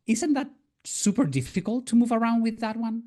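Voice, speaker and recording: A man's voice: extremely high pitch, animated, moderate pace, mellow. A man co-hosting a podcast, speaking thoughtfully and searching for his words. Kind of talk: conversational interview.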